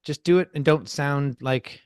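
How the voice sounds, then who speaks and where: A man co-hosting a casual podcast, reading race results in a playful, excitable way and tripping over names. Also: on the high side, measured pace, clean tone, no echo, clean studio sound. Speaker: podcast co-host.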